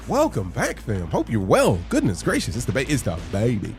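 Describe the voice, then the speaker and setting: Male game streamer, mid pitch, very lively intonation, swears freely, faint music underneath. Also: moderate pace, few pauses. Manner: excitable, swears freely, greets chat by name. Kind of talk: casual live-stream chat.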